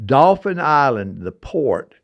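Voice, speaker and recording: Older guy in his 70s telling rambling stories on a podcast, super animated, pitch all over the place. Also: slow. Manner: animated, digressive, emphatic. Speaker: podcast host. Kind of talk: casual storytelling chat.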